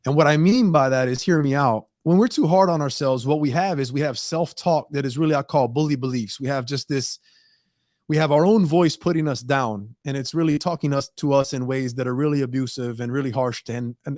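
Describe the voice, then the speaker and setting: A man's voice: mid-range voice, brisk, darkish tone, no room sound, clean studio sound. A man hosting a talk show segment, speaking in an earnest, emphatic, plain-spoken way about how people talk to themselves.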